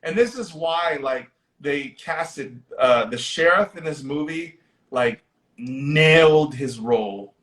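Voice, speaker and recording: A man hosting a casual movie discussion on a livestream, animated and profane as he retells scenes. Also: on the high side, takes it slowly, reverberant. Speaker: podcast host.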